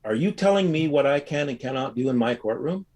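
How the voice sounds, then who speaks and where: A man voicing a calm, dignified older male judge who speaks firmly and with authority. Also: mid-range voice, brisk, pitched above the performer's own voice, lightly acted.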